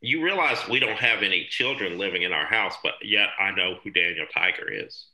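A man's voice: deep voice, a little fast, rough recording. A man co-hosting a podcast in casual, joking chat, recorded on a laptop's built-in mic. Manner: joking, animated storyteller. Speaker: podcast co-host.

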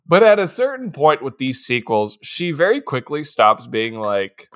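Lively male co-host, higher voice, swings all over, goofy bits. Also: measured pace. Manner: animated, laughs a lot, does silly voices. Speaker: podcast co-host. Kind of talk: casual comedic chat.

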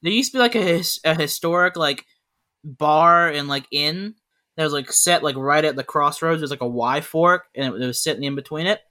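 A man chatting on a podcast, his voice bright and a bit high. He rambles through road-trip anecdotes, leaning on "like" constantly. The talk is loose and casual. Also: moderate pace. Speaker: podcast co-host. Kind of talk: casual chat.

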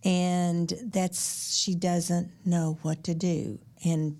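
A woman hosts a podcast and poses her questions in a gentle, measured way. Her voice is low-set and mellow, with a gravelly edge. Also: level tone. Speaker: podcast host. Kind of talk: interview questions.

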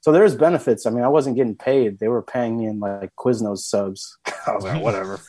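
A man hosting a podcast, chatting casually and relaxed, with a lot of "like". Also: mid-range voice, brisk, dry recording. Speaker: podcast host. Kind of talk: casual chat.

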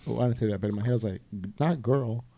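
A man co-hosting a casual podcast, telling stories in a sassy, animated way and laughing often. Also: medium pitch, very fast. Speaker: podcast co-host.

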